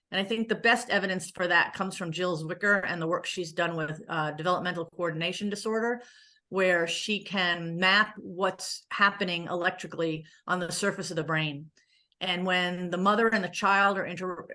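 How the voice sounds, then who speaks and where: Lower-pitched woman with a bright, forceful voice. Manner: conversational with joking asides and frequent fillers. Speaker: pediatric therapist giving a conference talk. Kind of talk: conference presentation.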